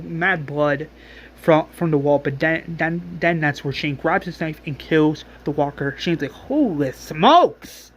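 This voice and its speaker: A man casually recapping a story aloud, rambling and halting with many restarts. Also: on the high side, fairly bright tone, a little hiss or hum. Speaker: narrator recapping a fan series episode.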